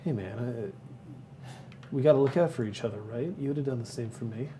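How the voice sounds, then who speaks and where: A man playing a small young woman who takes charge and reassures a hurt stranger in a tabletop game, speaking in a brisk, insistent way. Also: mid-range voice, mellow, slight background noise, natural voice. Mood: reassuring.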